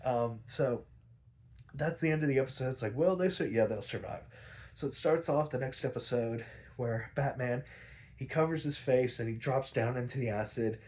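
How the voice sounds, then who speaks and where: A young man casually recapping a TV episode, rambling with lots of fillers, laughing often and acting out characters in quick raised voices. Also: medium pitch, darkish tone. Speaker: podcast host recapping episodes.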